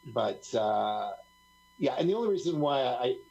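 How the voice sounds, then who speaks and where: Gravelly, husky man telling stories. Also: medium pitch, big pitch swings, unhurried, a little mellow, lo-fi sound. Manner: rambling, laughs often, acts out quotes. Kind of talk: casual storytelling on a live talk stream.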